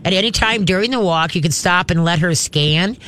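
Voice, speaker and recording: A man's voice: sits high, brisk, sharp tone. A man hosting a call-in radio show, giving dog training advice in a folksy, chatty way.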